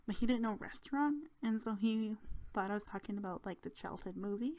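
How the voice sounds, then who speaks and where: A woman's voice: mid-range voice, brisk, a little mellow. A young woman hosting her channel, chatting casually and giggling through travel stories. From Canada. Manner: chatty and giggly, with many fillers. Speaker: channel host.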